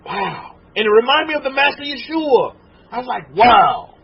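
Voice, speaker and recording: A man in his forties preaching a sermon, animated and emotional, stumbling and restarting and turning to his listeners with questions. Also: very high voice, moderate pace, vocal fry, slightly rough. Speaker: rabbi teaching a congregation. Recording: muffled lo-fi recording.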